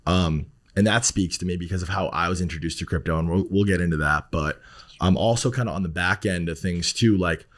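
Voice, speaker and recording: A man's voice: deep voice, brisk. A man, a podcast guest who talks bluntly, rambles with fillers and swears often. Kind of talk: casual podcast talk.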